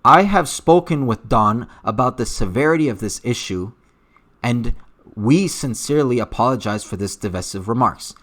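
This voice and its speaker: This man, with an accent that can't be pinned down, reads live chat comments on his stream. His medium-pitched voice is a bit bright with lively intonation at a moderate pace, and he's blunt and profane, using plenty of fillers.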